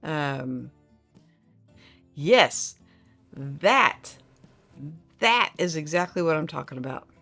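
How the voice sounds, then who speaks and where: A woman's voice: low-pitched, lively intonation, takes it slowly, long pauses, fairly bright tone, faint music behind. A middle-aged woman, hosting a casual livestream chat and reading viewer comments aloud in a rambling, friendly way. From Oklahoma.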